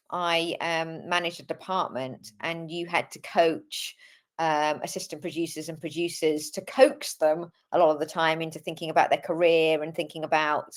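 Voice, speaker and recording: A woman from Britain, a coaching guest on a webinar, talking reflectively and laughing easily over a video call. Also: deep voice. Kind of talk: casual webinar conversation.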